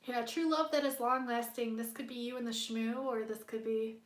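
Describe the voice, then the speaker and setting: A playful woman with a high voice chats casually on a live stream, giggling and humming silly tunes between tarot readings. Her nose sounds stuffy. The sound is roomy and echoey. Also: steady tone, normal speed. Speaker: tarot card reader.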